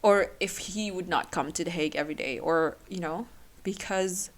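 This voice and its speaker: Young woman, podcast host, tearful, halting speech, fairly low voice. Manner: emotional, halting, with restarts. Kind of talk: personal solo podcast.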